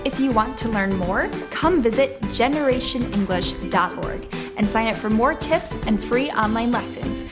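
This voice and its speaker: A woman giving a scripted pronunciation lesson, explaining step by step in a clear, encouraging way. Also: fairly high pitch, expressive, normal speed, few pauses, loud music behind the voice. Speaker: English teacher.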